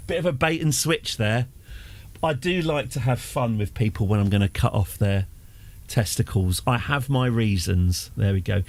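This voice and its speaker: A man's voice: mid-range voice, moderate pace. A middle-aged man giving casual, wry, self-deprecating commentary as he hosts a live stream of a strategy game. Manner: chatty, wry, self-deprecating, with frequent fillers. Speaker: streamer, host of the channel.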